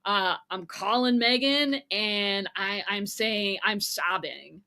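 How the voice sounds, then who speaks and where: A woman guest on a podcast, telling personal stories in a casual, animated way, often pausing on 'uh' fillers, talking over an online video call. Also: mid-range voice, dry recording. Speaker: guest, business owner.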